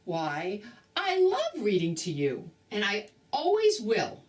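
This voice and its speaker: A woman voicing a gentle loving mother in a storybook, with a soft kindly manner. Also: mid-range voice, huge pitch swings, slow, recorded from a distance.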